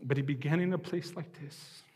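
A man preaching a sermon and leading a closing prayer, earnest and emotional, with slow heartfelt pleading. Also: a little high, a little mellow, breathy edge, big-room sound.

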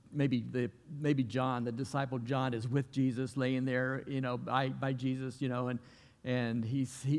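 A man's voice: mid-range voice, darkish tone. A pastor preaching a sermon, telling stories in a folksy, casual way and acting out the voices of people he quotes. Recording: long hall reverb.

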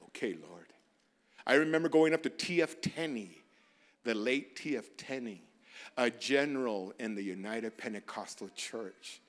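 A man preaching a sermon as a pastor, moving from quiet asides to loud, urgent exhortations. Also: mid-range voice, animated, measured pace. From barrio in the United States.

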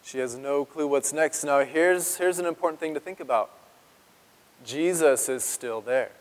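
A man preaching a sermon as pastor, earnest and emotional, with dramatic pauses and drops to a hush on key words. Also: fairly high pitch. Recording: long reverb of a large hall.

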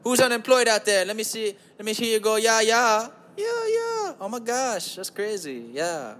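A man's voice: high-pitched, lively intonation, a little fast, a bit bright. A man hosting a comedy podcast in a put-on sleazy crooning voice he calls an evil German accountant, stretching words and calling listeners baby. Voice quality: mock German accent. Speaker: podcast host. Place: home basement.

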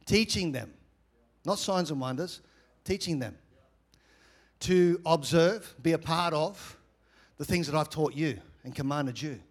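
Australian pastor preaching with humor. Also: male voice, fairly high pitch, measured pace, long pauses. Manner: animated, humorous preaching with asides to the congregation. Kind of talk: sermon.

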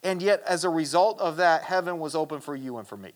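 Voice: mid-range voice, expressive, fast talker. Earnest, conversational preacher. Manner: earnest, conversational, with many restarts and repeated words; addresses the listeners directly as "guys" and asks for "amen". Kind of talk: sermon with scripture reading.

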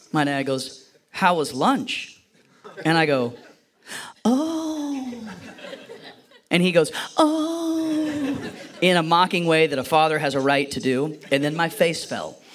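A man's voice: medium pitch, a bit bright. A man preaching a sermon, telling a personal story and acting out the voices in it with a playful manner. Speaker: pastor.

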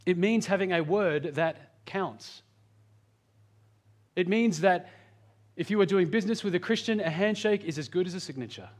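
A man preaching a sermon, earnest, slowing down and speeding up for emphasis. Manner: earnest, varies pitch and pace for emphasis. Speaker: pastor.

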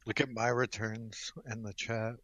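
Low-voiced man, dry close sound. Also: flat delivery, measured pace, fairly bright tone, no room sound, dull audio. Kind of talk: casual online group chat.

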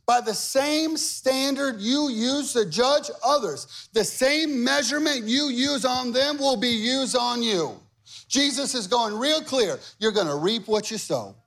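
A man's voice: very high voice, expressive, unhurried, gravelly, a bit bright. A man preaching a sermon as pastor, talking to the congregation conversationally and building to emphatic, repeated lines.

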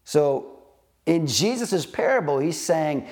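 A man preaching a sermon, earnest and slow, repeating phrases with emphatic pauses. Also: a little high, lively intonation, darkish tone. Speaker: pastor.

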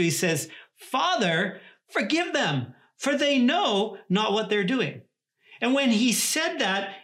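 Earnest higher-voiced male pastor. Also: fairly bright tone. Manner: earnest, repeats words and restarts often. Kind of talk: sermon.

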